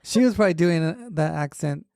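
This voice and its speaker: Female co-host, low warm voice, deadpan humor, dry sound. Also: brisk, no echo. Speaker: podcast co-host. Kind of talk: casual chat.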